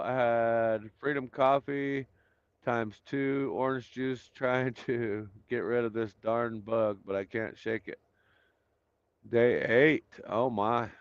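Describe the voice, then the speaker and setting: A man's voice: medium pitch, clean tone, dry recording, dull audio. A man hosting a casual live stream, greeting viewers by name and chatting loosely with lots of fillers while he waits to start. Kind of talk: casual chat reading viewer comments.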